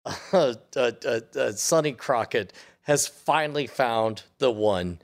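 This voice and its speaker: A man's voice: medium pitch, slow. A man co-hosting a podcast, casually chatting about a TV episode with a wry, joking manner. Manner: wry, joking, laughs often. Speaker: podcast co-host. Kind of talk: casual chat reviewing a TV episode.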